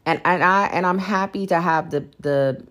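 A woman's voice: on the low side, moderate pace, a bit bright. Woman podcast host, blunt and profane, emphatic venting monologue. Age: adult. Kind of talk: candid solo podcast venting.

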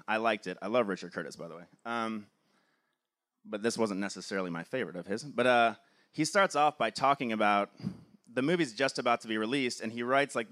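A man's voice: mid-range voice, fairly bright tone. A man, a film producer, giving an enthusiastic motivational talk, filling his sentences with "like". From Cleveland, USA. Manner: enthusiastic, frequent filler "like".

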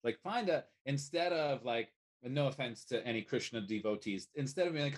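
A man talking as a life coach guest in a casual podcast conversation, animated and casually swearing. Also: mid-range voice, moderate pace. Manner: animated, swears casually, acts out little quoted voices.

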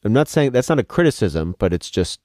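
A deep-voiced man talks through his questions in an unhurried, probing way. He sounds like a podcast co-host in conversation. The sound is dry and close, with no room echo. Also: very animated, a little mellow. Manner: questioning, probing, thinks aloud. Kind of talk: conversational theological discussion.

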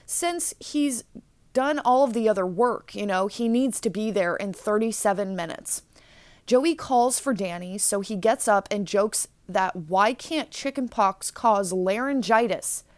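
A woman hosting a podcast, recapping an episode in a chatty, animated way. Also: medium pitch, a little slow, no room sound. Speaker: podcast host.

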